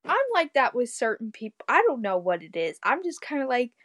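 A woman co-hosts a podcast in casual chat, with a voice a little higher than most. She mostly adds short, supportive remarks and laughs quickly along with her friend. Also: sing-song, fairly bright tone. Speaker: podcast co-host.

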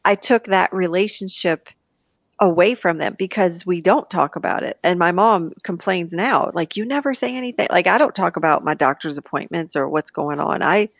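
Woman opening up, stops and restarts a lot, gets lively quoting people, dry close mic. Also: lowish voice, vocal fry, dry recording. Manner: halting, restarts often, animated when quoting others. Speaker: guest. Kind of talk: candid personal conversation.

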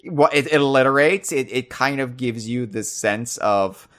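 A man co-hosting a podcast in casual chat, animated and thinking aloud, often restarting and repeating words. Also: normal speed. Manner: animated, puts on a loud booming trivia voice. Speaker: podcast co-host.

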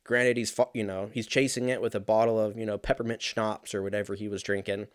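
A man's voice: lowish voice, quick pace, no room sound. Man, early 30s, casual storyteller, swears a lot, rambles and animates, dry close sound. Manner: rambling, profane, animated anecdote with frequent fillers.

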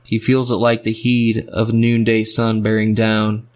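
Male storyteller: rhythmic, fragmentary narration, low pitch, little melody. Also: completely flat delivery, normal speed, a little mellow.

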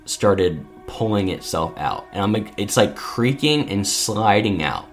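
Low-voiced man telling a story. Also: a little slow, faint music behind. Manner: animated storyteller acting out quotes, many fillers. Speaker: podcast co-host. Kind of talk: casual storytelling.

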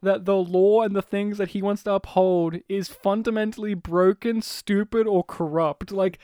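A man in casual chat, talking fast and animatedly, laughing often and swearing casually. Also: high-pitched, steady tone, dark tone, no room sound, studio quality. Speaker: podcast co-host discussing a film.

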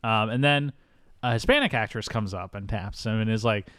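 A man's voice: fairly low pitch, moderate pace, a bit bright, clean tone, dry recording. A young man co-hosting a podcast, retelling a film scene by scene in a loose, rambling way full of fillers. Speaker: podcast co-host. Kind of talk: casual movie recap chat.

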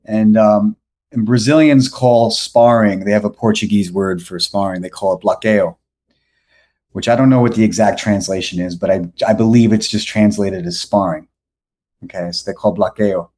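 A New York man appears as a podcast guest, telling a casual, rambling story packed with fillers and restarts. His voice sits fairly low, with a steady, darkish tone and a normal speaking speed.

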